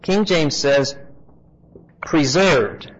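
A man teaching a Bible class in a conversational way. He spells out word meanings slowly, repeats key phrases and asks his listeners questions. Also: a little high, animated. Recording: muffled lo-fi recording.

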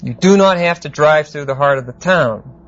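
A man teaching a Bible exegesis class, unhurried and explanatory, often pausing to check that listeners follow. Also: a little high, fairly bright tone. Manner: unhurried, explanatory, with frequent fillers and check-ins. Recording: dull lo-fi lecture recording.

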